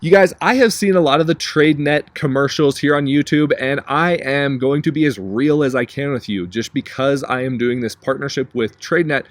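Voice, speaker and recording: A man's voice: medium pitch, normal speed, hardly any pauses, a bit bright, slight background noise. A young man vlogging casually to camera, chatty and informal, talking while on the way to the gym. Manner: chatty, repeats 'you guys' and 'like'. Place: driving in a car.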